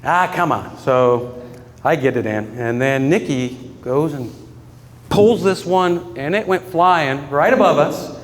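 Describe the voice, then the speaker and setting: A man's voice: fairly high pitch, slow pace, big-room sound. A man giving a eulogy for his father, telling personal stories in an earnest way and often breaking into laughter. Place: funeral gathering in a room with mourners.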